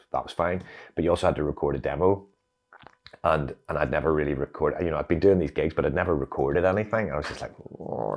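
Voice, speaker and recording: A Northern Irish man, an interview guest, telling a personal story in a reflective, animated way with many fillers. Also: low-pitched. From Northern Ireland.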